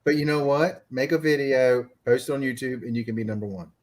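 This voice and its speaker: A man's voice: mid-range voice, fairly even intonation, brisk, a little mellow. A man chatting as a guest on a video podcast, explaining things at length and with enthusiasm. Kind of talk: casual chat.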